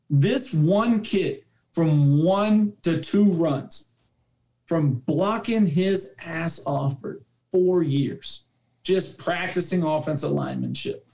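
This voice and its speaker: A man's voice: a little high, slow pace, gravelly, mellow. A man who coaches youth football, chatting on a podcast panel and telling a story with heartfelt emphasis. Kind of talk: casual roundtable chat.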